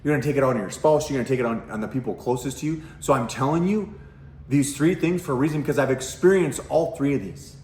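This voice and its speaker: A man's voice: medium pitch, fast talker, darkish tone, roomy sound, a little hiss or hum. A middle-aged man, a parenting coach, talking bluntly to camera at home with lots of swearing and rhetorical questions. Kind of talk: casual direct-to-camera talk. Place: at home, kitchen nearby.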